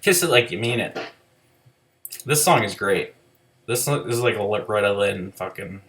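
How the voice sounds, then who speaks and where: A man's voice: on the low side, measured pace, long pauses, sharp tone. A man giving a casual, rambling spoken review of an album, full of "like" fillers and loose swearing.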